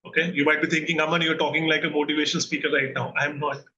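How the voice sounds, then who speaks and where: A man's voice: on the high side, flat delivery, racing, bright, forceful tone, dull audio, a little hiss or hum. A man with an Indian English accent, a therapist giving an earnest lesson and often checking in with his listeners. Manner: earnest teaching, asks listeners questions and checks in. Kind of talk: recorded mental health lesson.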